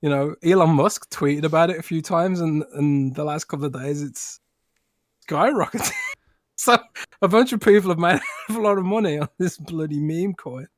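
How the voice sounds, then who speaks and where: A man's voice: fairly high pitch, lively intonation, normal speed, no room sound. A man with a British accent co-hosting a casual podcast, chatty, often restarting his sentences and laughing easily. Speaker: podcast co-host.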